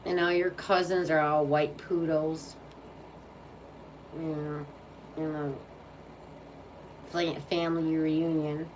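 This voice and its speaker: A woman's voice: low-pitched, flat delivery, slow, pauses often, darkish tone. A woman tarot reader chatting casually and cooing in baby talk to her dog. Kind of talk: casual chat. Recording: distant mic with faint background hum.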